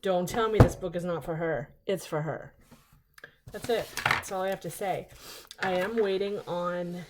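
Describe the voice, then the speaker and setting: Chatty, excitable older woman vlogger. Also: fairly low pitch, moderate pace, heavy background noise. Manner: chatty, excitable, rambling asides. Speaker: vlog host. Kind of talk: casual unboxing chat.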